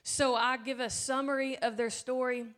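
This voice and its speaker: A woman's voice: high voice, little pitch movement, normal speed, a bit bright. A middle-aged woman from the Southern US with a slight twang, speaking to a church congregation in a chatty way that builds to fervent emphasis. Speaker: church speaker leading a devotion. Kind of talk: informal church devotion.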